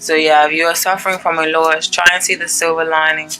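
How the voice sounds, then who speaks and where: A woman's voice: low voice, flat delivery, fast talker, pushed and bright, low-quality recording. A woman giving a casual tarot reading to her viewers, chatty and gushing, checking in with "okay?" often. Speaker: tarot reader.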